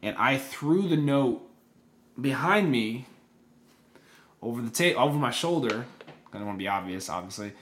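Young male podcast co-host, mid-pitched voice, rambling storyteller full of fillers. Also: moderate pace, pauses often, slight background noise. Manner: animated storyteller, many fillers and restarts. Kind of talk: casual chat storytelling.

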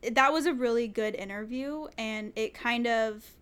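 This young woman co-hosting a podcast has a fairly high, clean, fairly bright voice and keeps a moderate pace. She chats casually but emphatically, using plenty of fillers.

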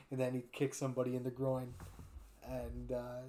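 A man's voice: mid-range voice, completely flat delivery, normal speed, warm tone, slight background noise. Chatty man retelling cartoon scenes. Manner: retells cartoon scenes, voicing every character; fond of doing impressions. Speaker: podcast host. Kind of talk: casual chat.

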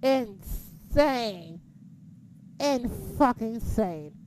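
A young woman co-hosting a casual wrestling chat, excitable and profane, laughing often. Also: fairly high pitch, very slow, a little hiss or hum, poor audio.

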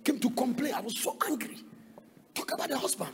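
Animated preacher, gravelly voice. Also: male voice, very high voice, fairly quick, big-room sound. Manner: animated, shouting bursts, sing-song lines. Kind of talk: sermon with counseling stories.

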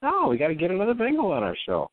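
Man co-host, mid pitch but lively, needling and laughing, phone-thin and dry. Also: racing, dry recording. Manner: teasing, laughs often, mock apologetic. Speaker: podcast co-host. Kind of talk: casual sports talk banter. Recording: tinny phone-like dry line.

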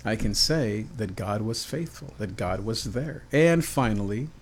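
A man's voice: fairly low pitch, lively intonation, measured pace. A man preaching a heartfelt devotional sermon on his podcast in an earnest manner.

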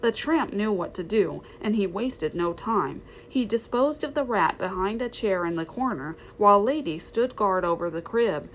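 A woman reading a children's storybook aloud in an expressive, steady narration. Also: medium pitch, normal speed, hardly any pauses, a little hiss or hum, low-quality recording. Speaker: reader.

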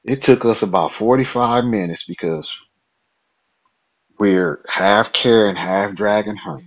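A man guest telling a personal story in a lively, colloquial way. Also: lowish voice, a little slow, dull audio.

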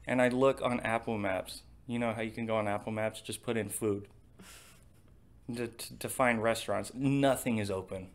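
A man's voice: on the low side, steady tone, normal speed. Man swearing through a rambling story. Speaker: podcast co-host. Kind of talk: casual chat.

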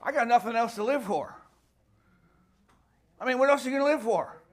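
A male pastor preaching a fervent sermon that swells into shouting. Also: extremely high pitch, a little fast.

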